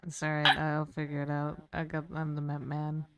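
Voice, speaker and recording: Woman player, kinda low voice, chatty, gets excited. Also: normal speed, crowd noise. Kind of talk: casual tabletop play.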